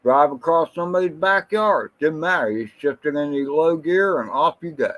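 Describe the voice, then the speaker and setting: A man's voice: a little high, a bit bright, rough recording. A man hosting a casual livestream who reminisces in a rambling way and greets viewers from the chat by name. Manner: slow, rambling, reminiscing storyteller. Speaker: drone channel livestream host.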